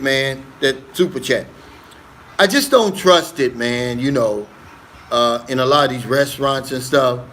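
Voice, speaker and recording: A man with a slightly higher voice hosts a laid-back livestream on his phone. He reads viewer comments and answers them earnestly, tossing in a friendly "man" every few words. A faint hiss sits behind him. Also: pushed and bright. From United States. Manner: easygoing, earnest, keeps saying "man". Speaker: livestream host. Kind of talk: casual live chat, reading viewer comments.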